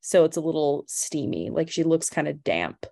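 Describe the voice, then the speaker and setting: A woman playing a tabletop game, describing her character in a halting way with many fillers. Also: low voice, big pitch swings, vocal fry, dark tone, no echo, clean studio sound. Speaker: player.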